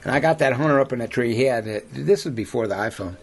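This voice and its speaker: A man's voice: mid-range voice, lively intonation, quick pace. A man who works as a hunting guide, telling rambling yarns in an interview, often saying "you know" and laughing at his own stories. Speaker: lion hunter and outfitter guest. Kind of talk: storytelling in an interview.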